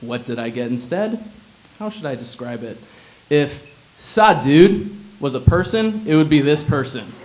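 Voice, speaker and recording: A man's voice: mid-range voice, sing-song, moderate pace, darkish tone, poor audio. A young man from Illinois reads his humorous personal essay aloud. His delivery is wry and sardonic, with dry asides. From Illinois, USA. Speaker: writer reading his essay.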